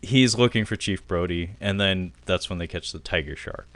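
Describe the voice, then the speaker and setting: A man co-hosting a film podcast, telling stories in relaxed casual chat. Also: low voice, moderate pace, no echo. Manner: relaxed storytelling with fillers and laughs. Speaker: podcast co-host.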